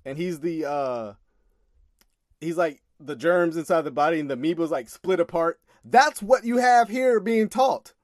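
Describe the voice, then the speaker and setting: A man's voice: a little high, normal speed, no room sound, clean studio sound. A man casually commenting on a sermon clip, exasperated and emphatic, often laughing in disbelief.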